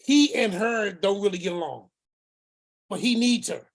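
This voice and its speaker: A man recounts a family story in which he is the uncle, acting out what each person said and repeating phrases for emphasis. His voice is high and he talks at a normal speed.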